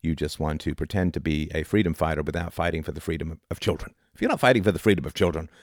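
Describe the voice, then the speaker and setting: A middle-aged man with a low, deep voice lectures on philosophy in an argumentative, rhetorical way, constantly checking in with "right?". The sound is close and dry, with no room echo. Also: rapid-fire, few pauses. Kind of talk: informal philosophy talk.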